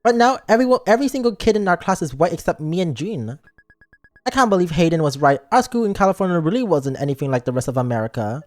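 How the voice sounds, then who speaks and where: A homesick teenage schoolgirl, new to town, given a plain read by a man. The pitch moves a lot, and soft music plays underneath. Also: expressive, fast talker, no echo. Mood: wistful.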